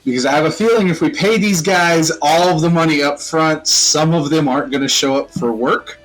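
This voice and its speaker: A man's voice: fairly high pitch, a little fast, a bit bright, rough recording. Rambling man player in a tabletop game. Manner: rambling, many fillers like "like" and "stuff". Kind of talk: tabletop game chat over voice call.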